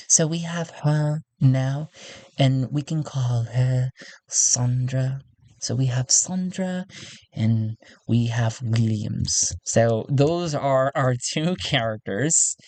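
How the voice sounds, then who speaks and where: A man narrating his solo tabletop role-play game in a casual way. He talks slowly, thinks aloud and restarts often. The recording is dry and close. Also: medium pitch, a little mellow, no room sound.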